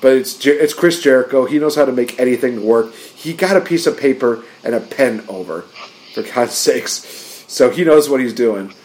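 Male podcast co-host, excitable casual recap, mid-range voice. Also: medium pitch, moderate pace. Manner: excitable, acts out quotes in raised voices. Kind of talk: casual wrestling recap chat.

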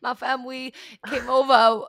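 A woman voicing a rambling homesteader pitching a product, who says "well" again and again through a lisping impediment. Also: extremely slow, sharp tone, dry recording, clean studio sound, heavily acted. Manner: repeats "well" over and over, with a lisping, mumbly impediment.

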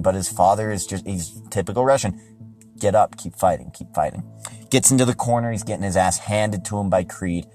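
Low-voiced man rambling through a movie review. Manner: rambling, excitable, swears when riled up. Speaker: podcast host. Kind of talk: casual movie review monologue.

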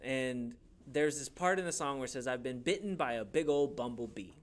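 Animated young man preaching a sermon. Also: medium pitch, normal speed. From grew up in a Hispanic church community. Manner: animated storytelling with playful voices. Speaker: pastor.

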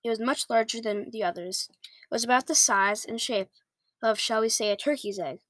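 A woman reads a children's book aloud, sometimes tripping over a word and starting it again. Her voice sits a little high. The sound is dry and close. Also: moderate pace, a bit bright, no echo. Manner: stumbles and restarts words. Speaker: reader.

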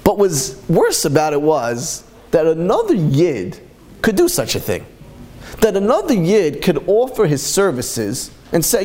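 A man's voice: high voice, sing-song, a little slow, darkish tone. A man giving a storytelling sermon as a Torah speaker, impassioned and full of repeated rhetorical questions.

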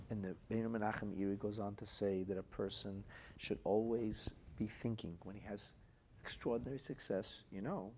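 Gravelly low-voiced man teaching Torah. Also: slight background noise. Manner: expressive storyteller, voice swings from quiet to loud; weaves in Hebrew and Aramaic phrases. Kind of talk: podcast Torah lecture.

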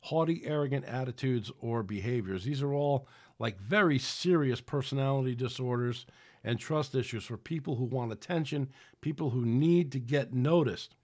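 A man's voice: mid-range voice, normal speed, darkish tone. A man preaching on a podcast in a rambling, conversational way, with many restarts. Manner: rambling, with frequent restarts and acted-out quotes. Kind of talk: sermon-style podcast talk.

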